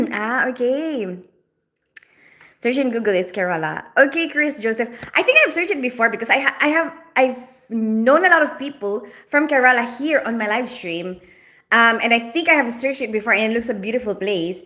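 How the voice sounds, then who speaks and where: Woman, mixed Filipino-British accent, crisp bright tone, slightly high voice, chatty livestream host, laughs a lot. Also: expressive, moderate pace. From Philippines. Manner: chatty, laughs often, thinks aloud. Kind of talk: casual live chat reading comments. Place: home, lit for camera.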